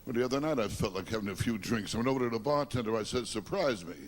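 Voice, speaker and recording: A man from Long Island doing a stand-up routine, complaining about himself in quick self-deprecating one-liners. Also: mid-range voice. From Long Island, New York. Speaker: stand-up comedian. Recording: noisy live recording.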